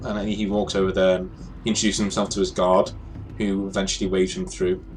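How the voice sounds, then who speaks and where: Man running a tabletop game, low voice, hesitant pacing, faint music behind. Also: fairly quick. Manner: relaxed, hesitant with many fillers. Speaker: game master.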